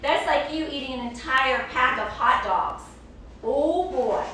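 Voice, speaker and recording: A woman hosting a children's show playfully reads a picture book aloud, animated as she chats with a puppet and the young viewers. Her voice is high-pitched and unhurried. The recording has an echoey room, a distant mic and faint hiss.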